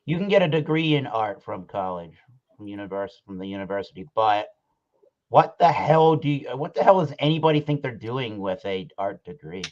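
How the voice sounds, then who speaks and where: A man's voice: on the low side, lively intonation, a little fast, darkish tone, lo-fi sound. A man from eastern Massachusetts in casual chat, easygoing and thinking aloud.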